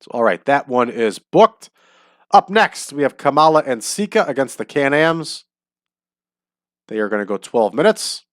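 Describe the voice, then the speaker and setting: A man's voice: medium pitch, sing-song, normal speed, no room sound, clean studio sound. A man hosting a casual let's-play of a wrestling booking game, upbeat and chatty, often breaking into laughter. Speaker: host.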